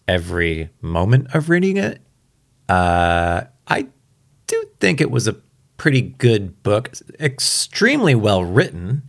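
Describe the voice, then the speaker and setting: A man's voice: mid-range voice, vocal fry. A man casually talking about books to camera, rambling and chatty with amused asides. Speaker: book vlogger. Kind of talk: casual book talk.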